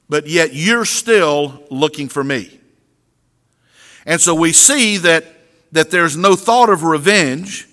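A high, bright male voice belongs to a middle-aged pastor delivering an earnest sermon. He keeps doubling back on words as he restarts his sentences. His voice rings out with a long reverb from a large hall.

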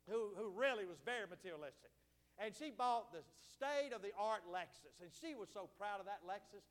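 Preacher, 50s, male, very high voice, emphatic, long hall reverb. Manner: emphatic, calls out to the congregation. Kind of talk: sermon.

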